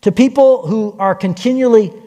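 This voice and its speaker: A man preaching a sermon as pastor, telling stories with lively acted-out voices. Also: high voice, normal speed. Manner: animated storytelling, acting out quoted voices. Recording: long hall reverb.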